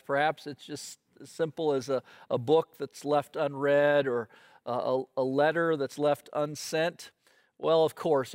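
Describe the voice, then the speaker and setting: A man's voice: mid-range voice, no echo, clean studio sound. A man preaching a sermon as pastor, earnest, with frequent fillers and repeated words.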